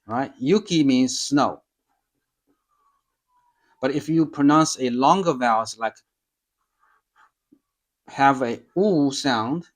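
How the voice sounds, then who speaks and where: Slow, hesitant man explaining. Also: mid-range voice, fairly bright tone. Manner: slow, hesitant, many ums and restarts. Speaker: language learner reviewing lessons. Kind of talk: casual self-study explanation.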